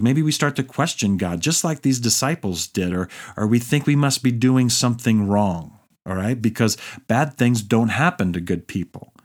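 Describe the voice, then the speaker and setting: A man's voice: on the low side, a little mellow. A man preaching a sermon in a conversational way, often acting out quoted prayers. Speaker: pastor.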